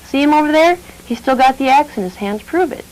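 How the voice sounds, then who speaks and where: A woman's voice: high voice, animated, fast talker, a little mellow, slight background noise, voice pushed up, rough recording. A woman voicing a clever young man, Abraham, who talks slyly and innocently. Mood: mock-innocent. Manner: sly, mock-innocent.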